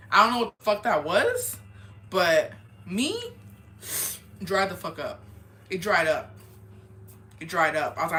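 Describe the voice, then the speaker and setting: A woman's voice: mid-range voice, lively intonation, moderate pace, long pauses, sharp tone, slight background noise. A young woman chatting casually and profanely as she answers viewer confessions, switching now and then into Spanish. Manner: profane, laid-back, slips between English and Spanish. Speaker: advice vlogger reading viewer confessions. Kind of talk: casual chat.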